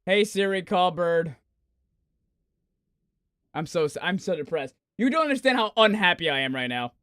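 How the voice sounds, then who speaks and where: A young man on a game stream with a high, bouncy voice that leaps all over the place. He rants and swears theatrically into a close, dry mic. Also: expressive, normal speed, a bit bright, clear, resonant tone, dry recording. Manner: swearing, ranting, melodramatic outbursts. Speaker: gaming streamer. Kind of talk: casual live-stream chatter.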